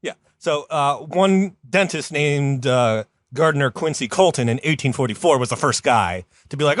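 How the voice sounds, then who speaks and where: A man hosting a comedy podcast, telling a story in a rambling, casual way with lots of fillers, and jumping up in pitch when he quotes someone. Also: moderate pace, hardly any pauses, dry recording, clean studio sound. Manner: rambling, many fillers, jumps high for quoted voices.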